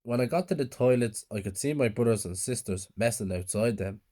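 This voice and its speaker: A man's voice: mid-range voice, brisk, darkish tone. A man narrating a horror story in a subdued, plain storytelling way.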